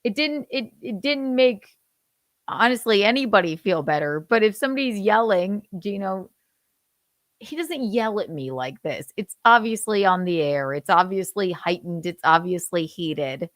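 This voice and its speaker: A woman in her thirties hosting a casual livestream chat, animated and laughing, swearing freely and acting out how she yells. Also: medium pitch, moderate pace, dry recording, studio quality. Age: 30s. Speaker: host.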